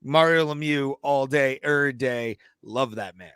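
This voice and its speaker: A man with a bright, smooth, resonant voice tells an animated, cursing story on a podcast. The sound is dry and close on the mic, with no room around it. He talks like a co-host chatting with a friend. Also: mid-range voice, normal speed, no room sound. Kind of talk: casual podcast chat, storytelling.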